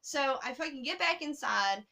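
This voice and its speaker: A woman telling a travel story to her camera in a casual, animated way, swearing often. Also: sits high, moderate pace, vocal fry.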